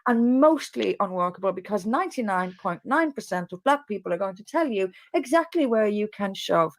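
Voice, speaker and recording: A woman's voice: mid-range voice, animated, fairly quick. A woman speaking in a played clip, giving earnest, scolding political commentary. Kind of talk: argumentative commentary.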